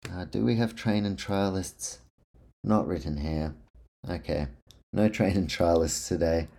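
Low mellow man, chatty podcaster. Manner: chatty, self-deprecating, runs through name lists. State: dry mouth. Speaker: podcast host. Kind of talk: casual solo sports podcast.

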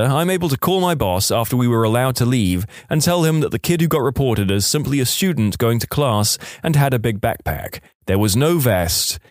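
A man's voice: medium pitch, dry recording. Guy reading out funny school stories, bouncy up and down voice, dry close mic, sarcastic little asides. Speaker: story narrator. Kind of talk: reading listener stories aloud.

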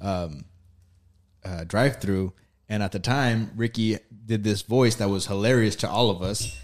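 A man's voice: fairly low pitch, measured pace. A man telling a rambling story in casual chat, often breaking into laughter. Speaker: guest.

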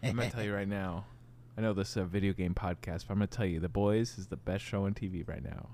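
A man's voice: low voice, fairly even intonation, fast, a little mellow, a little hiss or hum. A man co-hosting a casual video game podcast, joking and breaking into silly put-on voices. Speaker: podcast co-host.

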